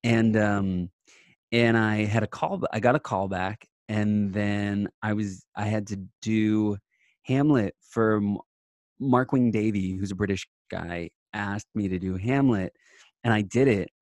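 A low-pitched young man tells stories in a casual remote interview, jumping into sudden high, loud bursts as he quotes himself. The recording is dry and close, with no room sound around his voice. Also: measured pace, dry recording. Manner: animated storyteller, quotes himself in lively bursts. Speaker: podcast guest, actor. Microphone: remote call mic.

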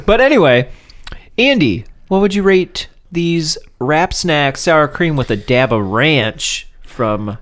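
Man, unhurried, very swingy pitch, laid-back, laughs often, podcast chat. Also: big pitch swings, fairly bright tone. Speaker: podcast co-host. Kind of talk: casual chat reviewing snacks.

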